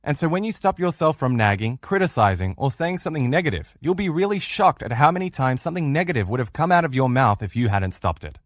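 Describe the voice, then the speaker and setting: Man, middle-aged, relationship coach, earnest lesson delivery, animated pitch, dry close sound. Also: quick pace, hardly any pauses, no room sound. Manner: earnest, coaching, acts out quoted replies in changed voices. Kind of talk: recorded training lesson.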